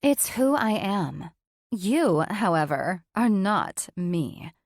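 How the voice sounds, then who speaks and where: A woman's voice: mid-range voice, sing-song, slow, no echo, studio quality, exaggerated voice. A woman voicing a smug, tipsy woman friend who is catty and teasing, stretching her words condescendingly.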